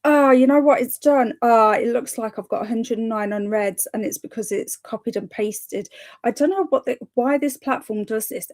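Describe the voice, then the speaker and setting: Slightly high and a touch mellow, this woman's voice carries her reading-sprint livestream as she chats casually, reads out viewer comments, and urges them on with frequent small laughs.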